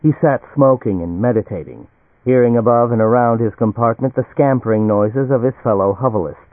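An audiobook narrator reads a novel in a measured, even manner, his voice medium in pitch. The scripted narration has no echo but sounds dry and tinny, like a phone.

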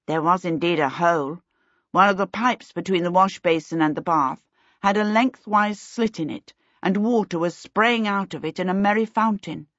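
A woman reading a children's storybook aloud in a measured, expressive way. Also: on the low side, no echo, muffled recording. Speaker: audiobook narrator. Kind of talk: scripted storybook narration.

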